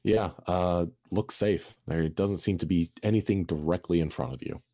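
A man narrating as game master, describing rooms slowly with many fillers and pauses. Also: low-pitched, warm tone, no echo, studio quality. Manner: slow, hesitant, filler-heavy descriptions.

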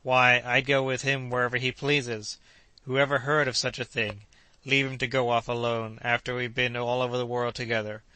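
A man's voice: mid-range voice, level tone, normal speed, sharp tone, clean tone, dry recording, natural voice. Man reading Joe, an eager cheerful manservant. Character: cheerful loyal young manservant, optimistic.

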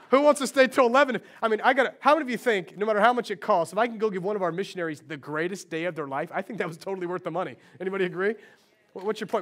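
Middle-aged male pastor, high-pitched voice, animated storytelling sermon delivery. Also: very fast. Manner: animated storytelling, acting out dialogue. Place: church sanctuary.

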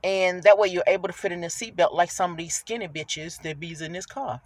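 A woman in her fifties telling a casual story to her viewers from inside her car, chatty and animated. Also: lowish voice, brisk. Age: 50s. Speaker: rideshare driver vlogger.

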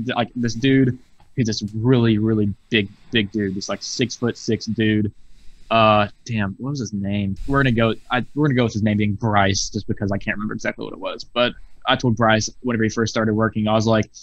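A man telling a story over a video call, swearing freely and throwing himself into the telling. His voice sits a little low, and the sound is dull and lo-fi with no room around it. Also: a little fast, no echo. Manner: profane, animated anecdote telling. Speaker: podcast guest. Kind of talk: casual storytelling chat.

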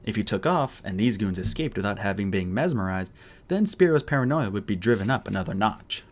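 A man reading an audiobook aloud in an expressive narrating style. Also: on the low side, a little fast. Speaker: audiobook reader.

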